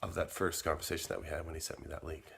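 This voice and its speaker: Low-voiced man telling a rambling story. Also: level tone, racing, creaky, a bit bright, slight background noise. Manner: rambling, repeats words, quotes his own messages. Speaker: vlogger. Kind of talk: casual storytelling monologue.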